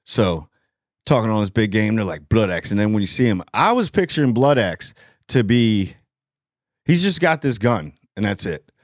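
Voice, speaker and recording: A man's voice: lowish voice, big pitch swings, moderate pace, no room sound, dull audio. A man giving a casual, rambling movie review, sarcastic and full of fillers.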